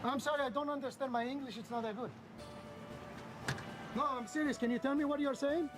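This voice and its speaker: A man's voice: very high voice, steady tone, a little fast, music in the background, voice pushed up. A man putting on a thick Greek accent, pretending to speak poor English and playing dumb politely. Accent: put-on Greek.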